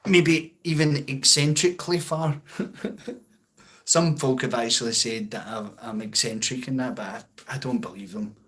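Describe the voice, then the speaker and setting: A man's voice: medium pitch, measured pace, a bit bright. A Scottish man hosting a casual livestream, rambling and chuckling as he answers viewer comments. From Scotland. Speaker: livestream host.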